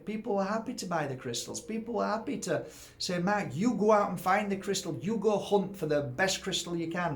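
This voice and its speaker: A man's voice: on the high side, gravelly, a little hiss or hum. Earnest man in his fifties. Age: 50s. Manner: earnest, heartfelt, addresses viewers directly. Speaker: energy healer. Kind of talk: candid talking-to-camera monologue.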